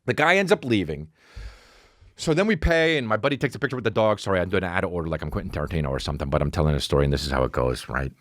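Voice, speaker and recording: A man spins a comic story on his podcast as a swearing, self-interrupting rant. His pitch swings wide and lively from low grumbles to high squeals. The room is dry, with the voice close and plain. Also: racing, no echo. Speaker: podcast host. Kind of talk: comedic storytelling monologue.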